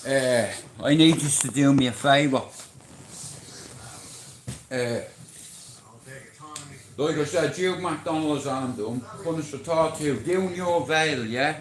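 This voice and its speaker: A man's voice: a little high, takes it slowly, pauses often, echoey room. Irish guy rambling on his livestream, cocky and sweary. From Ireland. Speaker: livestream host. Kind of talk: casual livestream chat.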